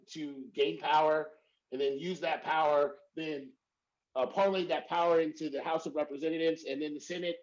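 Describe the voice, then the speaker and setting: A man speaking as a professor on a panel, talking emphatically and checking in with "right?" again and again. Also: a little high. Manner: emphatic, repeats "right?" often. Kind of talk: panel discussion. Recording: dull lo-fi audio.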